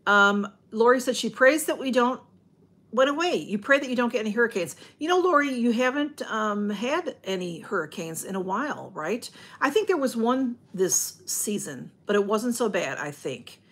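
A woman's voice: a little high, lively intonation, normal speed, fairly bright tone, husky. A woman chatting on a livestream from home, rambling and greeting viewers by name as she reads their comments. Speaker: livestream host. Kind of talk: casual livestream chat.

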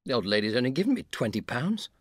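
A man's voice: medium pitch, big pitch swings, fast, a bit bright, slightly rough, no room sound, clean studio sound, voice pushed up. A man voicing a gloomy, money-hungry army captain in a storybook reading. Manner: gloomy, grumbling.

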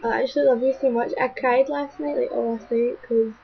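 A young woman with a Scottish accent, rambling through chatty webcam shout-outs to followers at home, talking fast. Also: a little high, fairly even intonation, creaky. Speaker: vlogger. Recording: dull lo-fi webcam audio.

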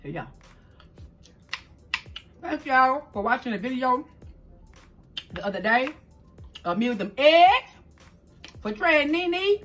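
A middle-aged woman from New Orleans with a Southern accent, chatting fast and stumbling over her words as she tells a story while eating on camera at home. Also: sits high, sing-song, a bit bright, soft background music. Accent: Southern US, New Orleans tinge. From New Orleans, Louisiana. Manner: talks fast, stumbles over words, calls listeners "child". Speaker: mukbang vlogger host. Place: indoors at home, green screen.

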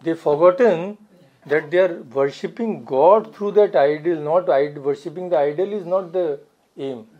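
Earnest monk with a mellow voice. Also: male voice, a little high, a little slow, dull audio. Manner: earnest, repeats phrases for emphasis, occasional soft laughs. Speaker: swami giving a spiritual talk. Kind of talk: spiritual talk. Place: society hall.

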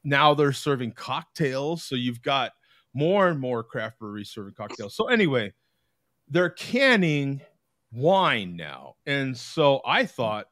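A man from the United States hosting a casual video-call chat, talkative, laughing often and reading aloud in a halting way. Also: medium pitch, very animated, a bit bright, dry recording. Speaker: host.

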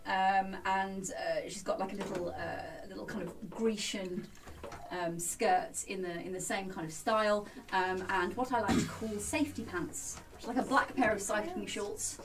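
A woman's voice: medium pitch, fairly even intonation, moderate pace. A woman playing an elf in a tabletop game, hesitant and flustered, often repeating words. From England. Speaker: player. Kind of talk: in-character tabletop role-play. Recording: distant mic with background music.

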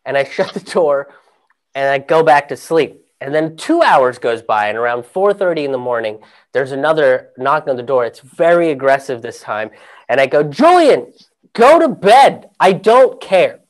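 A man's voice: mid-range voice, normal speed. A man telling a comic personal story, rambling and profane, often laughing through his own lines.

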